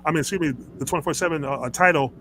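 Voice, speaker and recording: A man's voice: fairly high pitch, racing, a bit bright, a little hiss or hum, low-quality recording. A man hosting a casual wrestling talk show, ranting in a heated, rambling way, with many stammers and restarts. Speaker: host.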